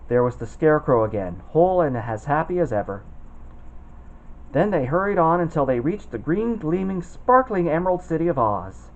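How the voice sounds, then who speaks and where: A man reading a children's storybook aloud, expressive and putting on voices for the characters. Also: a little high, moderate pace, dull audio. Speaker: storybook reader.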